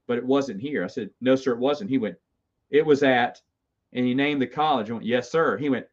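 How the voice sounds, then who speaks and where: Rambling middle-aged man telling stories. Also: medium pitch. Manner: rambling, self-amused, with stammered restarts. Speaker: host. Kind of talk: casual storytelling. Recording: slightly dull lo-fi sound.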